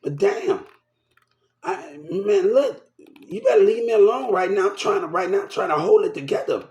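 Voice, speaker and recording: A man's voice: high voice, very animated, moderate pace, a little mellow, reverberant, highs cut off. An upset man ranting to the camera, agitated and repeating himself, shaken and swearing. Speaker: vlogger. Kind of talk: angry rant to camera.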